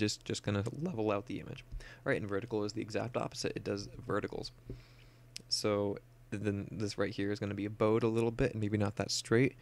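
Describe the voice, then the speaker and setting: A young man talking casually through a photo editing tutorial, explaining each step with plenty of "uh" and "um". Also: fairly low pitch. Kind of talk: screen-recorded software tutorial.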